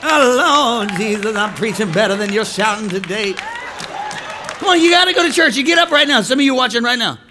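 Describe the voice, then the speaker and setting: A man preaching a comedic sermon to a live congregation, often shouting and mock-singing. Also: high voice, quick pace, music in the background, a crowd in the background. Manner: animated, shouting, mock-singing and laughing between lines. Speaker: pastor. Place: church hall with a live congregation.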